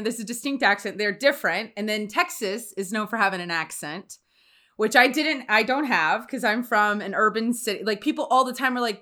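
A woman from Louisiana hosting a casual chat, animated and full of quick questions and laughs. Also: fairly high pitch.

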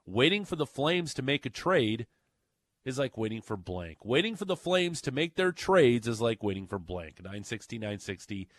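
A man's voice: medium pitch, big pitch swings, moderate pace, dry recording. A man hosting a sports talk radio show, bantering with co-hosts and plugging upcoming segments in an upbeat way. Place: radio studio.

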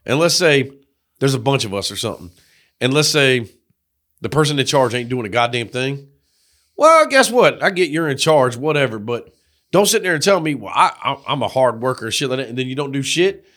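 A young adult man co-hosting a podcast, telling crude work stories in a profane, animated way and acting out the quotes. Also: mid-range voice, fairly quick. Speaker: podcast co-host. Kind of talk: casual crude banter.

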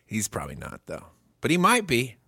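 A man co-hosting a comedy podcast, telling crude, profane stories with animated delivery. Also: medium pitch, a little fast, gravelly, breathy edge, dry recording, clean studio sound. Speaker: podcast co-host. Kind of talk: casual comedic chat.

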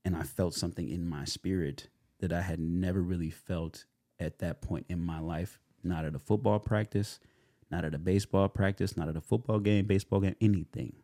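A young adult man, a guest in a casual interview, telling his story in an animated way with lots of fillers and acted-out quotes. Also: deep voice, fairly quick, no room sound, studio quality. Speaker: guest, actor.

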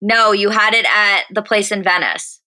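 A woman's voice: mid-range voice, normal speed, sharp tone. A woman co-hosting a podcast who chats casually and talks bluntly, swearing freely. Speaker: podcast co-host. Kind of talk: casual chat recapping a reality show.

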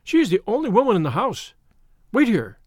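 A timid gentleman pleads in a high, trembling voice, badly shaken, as a male narrator puts him on. The pitch jumps around with his nerves. It is an audiobook reading, recorded close and dry. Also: huge pitch swings, fairly quick, dry recording, exaggerated voice. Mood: frightened. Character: timid, fearful middle-aged man, nervous.

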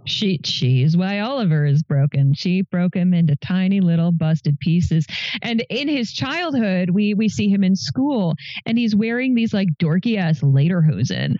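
A woman in her thirties, co-hosting a casual film review chat in an animated, jokey way and slipping into voices. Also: fairly low pitch, moderate pace, no echo. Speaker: podcast co-host. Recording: dry, dull mic.

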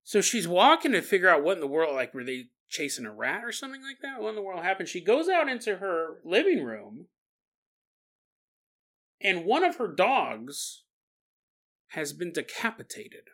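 Chatty male host who tells strange stories, jokey and bright. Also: high voice, big pitch swings, moderate pace. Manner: jokey, laughs often, shifting volume. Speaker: podcast host. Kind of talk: casual storytelling.

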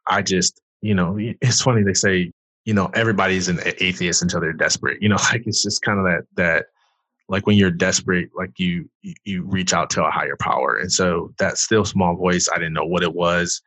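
A young man with a very low, husky voice tells a personal story with earnest conviction. He is from Detroit and speaks as a pastor on a podcast. The sound is close and dry. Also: steady tone, brisk, fairly bright tone, no room sound. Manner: earnest storyteller, rises when reliving the moment. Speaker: pastor and guest. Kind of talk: emotional personal testimony.

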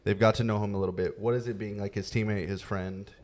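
A man hosting a podcast, telling a story in a relaxed, casual way with many fillers. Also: on the low side, fast talker. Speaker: podcast host. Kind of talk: casual chat.

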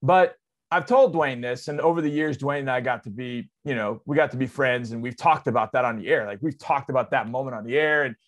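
A man in his forties hosts sports radio and spins a yarn with plenty of energy. His voice sits at an ordinary middle pitch. He jumps between loud, excited bursts and quieter asides, talking casually and loosely throughout. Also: a little fast. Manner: animated, excitable storyteller with big swings in loudness and pitch; conversational, drops into loose asides. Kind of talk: casual on-air storytelling.

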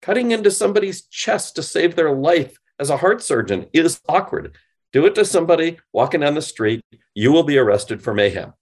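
A man being interviewed on a podcast, explaining with animated, demonstrative delivery and acting out example phone lines. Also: medium pitch. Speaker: guest, sales company CEO.

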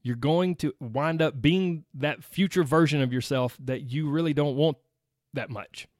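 A man's voice: fairly high pitch, unhurried, darkish tone, no room sound, studio quality. Upbeat Southern man hosting a podcast. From United States. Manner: upbeat, chatty, laughs often, talks straight to listeners. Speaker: weight loss coach podcast host. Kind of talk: solo podcast monologue.

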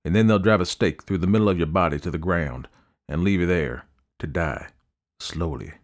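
A deep-voiced man reading a gruff young frontier scout in an audiobook, blunt and steady. He talks in a folksy frontier dialect and gives short, plain commands. The voice sits very low. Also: fairly quick, natural voice. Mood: grim. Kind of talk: audiobook character voice.

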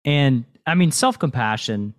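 Hosting a podcast, this man talks a little slowly in an expressive mid-range voice. The interview is a casual chat, and he coaches reflectively, often adding "right?".

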